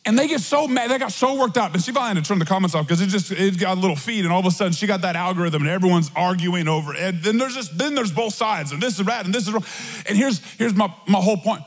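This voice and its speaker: A man's voice: sits high, fast talker, husky. A young male pastor preaching a casual, joking sermon in a large church. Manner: animated, joking, conversational preaching. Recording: long church hall reverb.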